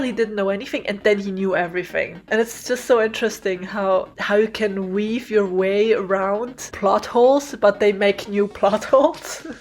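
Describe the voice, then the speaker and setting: A woman talking in a casual, excited ramble over a drawing video, laughing often and tripping over her words. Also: mid-range voice. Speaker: video creator theorizing over a speedpaint.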